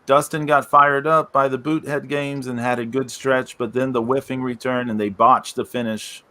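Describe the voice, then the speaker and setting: Blunt bright-voiced man. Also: medium pitch, little pitch movement, normal speed, dry recording. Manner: blunt, reads from his notes. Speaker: podcast co-host. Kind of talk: casual wrestling chat.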